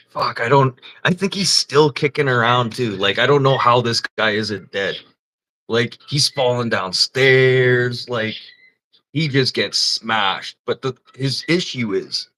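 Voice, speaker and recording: A man's voice: medium pitch, bright, forceful tone, poor audio. A man hosting a livestream, chatting casually and telling rambling, profane stories while laughing often. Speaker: livestream host. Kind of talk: casual storytelling chat.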